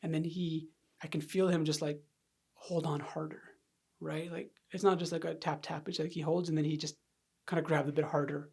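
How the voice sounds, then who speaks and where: A man's voice: on the high side, brisk, husky. A man in a podcast interview, openly telling a personal story and acting out what people said. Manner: candid, animated, acts out quoted voices. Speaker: podcast guest. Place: podcast studio.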